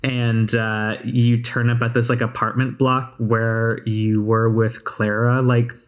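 Casting male game master, flat even narration, casual filler-heavy. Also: medium pitch, slow. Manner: relaxed narration with many fillers.

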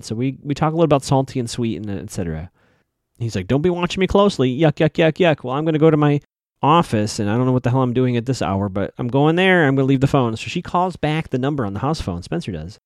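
A man's voice: medium pitch, a little mellow, dry recording, studio quality. A man casually recapping a TV episode as a podcast host, chatty and rambling, often correcting himself.

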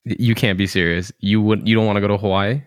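A man co-hosting a podcast, chatting casually, excitable and teasing, laughing easily. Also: on the low side, quick pace, no echo, studio quality. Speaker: podcast co-host. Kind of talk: casual chat.

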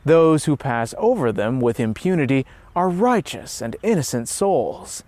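A man voicing a solemn heavenly guide who explains visions in a measured way. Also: mid-range voice, sing-song, darkish tone, no echo.

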